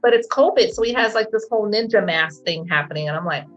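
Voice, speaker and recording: A middle-aged woman from the telling her story as an interview guest, animated and laughing, acting out quotes in a high voice. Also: fast. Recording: dull lo-fi sound with faint music.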